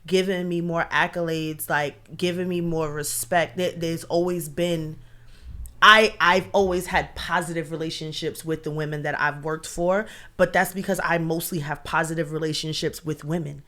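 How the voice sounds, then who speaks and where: A podcast co-host trades casual banter. The voice sits at a middle pitch. The delivery is blunt and confident, full of quick comebacks. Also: fairly even intonation, bright, forceful tone.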